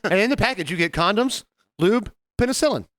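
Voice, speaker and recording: A man's voice: high voice, animated, brisk, a bit bright, no echo, studio quality. A man co-hosting a podcast, joking with crude one-liners in casual banter. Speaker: podcast co-host.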